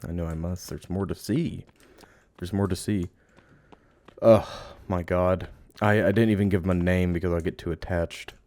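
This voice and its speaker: A man giving let's play commentary, playfully cooing at game creatures and drifting into hushed, musing narration. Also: low voice, fairly even intonation, normal speed, dry recording. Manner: playful, coos and baby-talks at game creatures. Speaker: game streamer.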